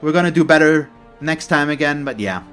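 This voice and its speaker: A man hosting a let's play, voice sitting a bit high for a man, grumbling and sighing through frustrated commentary. Faint game music plays softly underneath. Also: animated, brisk, clear, resonant tone. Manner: frustrated, sighing, openly salty. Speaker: gaming channel host.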